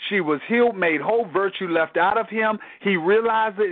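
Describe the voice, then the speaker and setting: A man's voice: sits high, moderate pace, no echo. A man teaching a Bible study over the telephone, preaching earnestly and often repeating words as he restarts a thought. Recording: tinny dry phone line.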